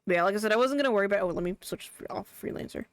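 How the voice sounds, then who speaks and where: A woman's voice: mid-range voice, very fast, clear, resonant tone, dry recording. A young woman streaming a game, chatting casually as she plays, rambling and laughing often. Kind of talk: casual live gameplay commentary.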